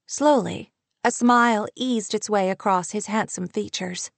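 Audiobook narrator: woman, mid-pitched, steady read, dry close studio sound. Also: unhurried, no room sound. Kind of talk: scripted narration.

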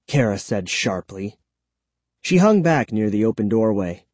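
Slow dry storybook reading, mellow voice, lots of pitch movement. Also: no room sound. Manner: slow, measured, lively storytelling. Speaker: audiobook narrator. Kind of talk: first-person storybook narration.

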